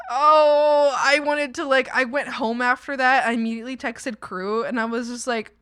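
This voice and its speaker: Young woman streamer rambling to chat, says like a lot, high voice, dry close mic. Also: flat delivery, unhurried, fairly bright tone, clear, resonant tone, dry recording. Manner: rambling, lots of "like" and restarts. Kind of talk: casual storytelling to chat.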